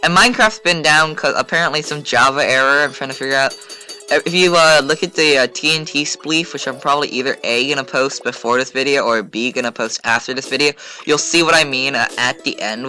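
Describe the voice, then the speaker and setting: Bright-voiced man rambling over gameplay. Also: medium pitch, fairly quick, faint music behind. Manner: rambling, filler-heavy, chatty. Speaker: gaming channel host. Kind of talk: casual gameplay commentary.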